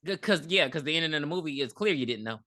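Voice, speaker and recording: A woman's voice: sits low, rapid-fire, dry recording, clean studio sound. A woman co-hosting a podcast, recapping a movie in casual, profane chat and acting out the characters' lines. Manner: animated, profane, acts out characters in quotes. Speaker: podcast co-host.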